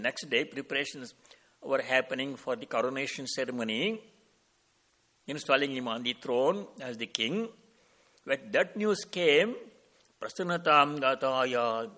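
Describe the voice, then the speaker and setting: Man giving a slow calm devotional talk, voice a bit on the high side, explains sanskrit words. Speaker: spiritual teacher. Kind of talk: devotional discourse.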